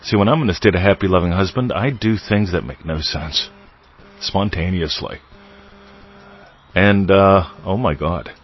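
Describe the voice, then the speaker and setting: A man's voice: sits low, measured pace, pauses often, highs cut off. A man hosting a podcast, teaching in a loose, playful way with wordplay and asides. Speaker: podcast host. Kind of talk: casual spiritual teaching monologue.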